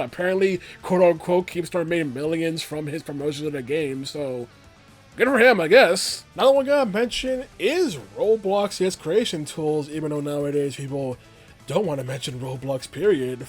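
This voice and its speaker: A man's voice: on the high side, lively intonation, normal speed, soft background music. A young man giving a casual, rambling video-essay commentary, speaking conversationally with plenty of filler phrases.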